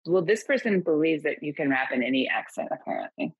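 A woman's voice: deep voice, expressive, brisk, husky, no echo, muffled recording. Wry, laughing woman podcast co-host. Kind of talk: casual comedic chat. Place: house in New Orleans.

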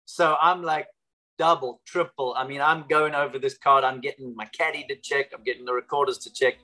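A man with a bright, sharp tone tells a story in a chatty way. He scatters in fillers as he goes, like a golf champion recalling the moment. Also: mid-range voice, steady tone, brisk, rough recording. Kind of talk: casual storytelling.

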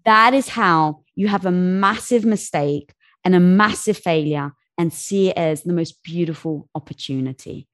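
A woman guest on an interview, telling a business anecdote in a lively way and acting out the voices of the people in it. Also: fairly low pitch, moderate pace. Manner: animated, acts out voices in anecdotes. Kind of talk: casual storytelling.

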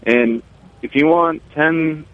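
A brewer calling in by phone, chatting casually and telling relaxed stories about his brewery. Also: fairly high pitch, slow, dry recording. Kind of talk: casual radio chat. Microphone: phone line. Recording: tinny phone line.

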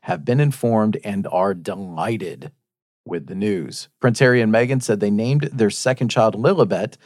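A man's voice: lowish voice, a little slow, a little mellow, no room sound, studio quality. A man hosting a faith-based news talk show, reading news stories aloud and chatting with his co-hosts.

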